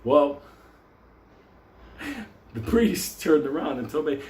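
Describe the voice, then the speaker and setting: A man spins a crude, rowdy story, laughing often and jumping into loud voices for the people in it. His voice sits a bit high. The room has a noticeable echo. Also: animated, unhurried, long pauses. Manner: loud, laughing, acts out quotes. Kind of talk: profane comic storytelling.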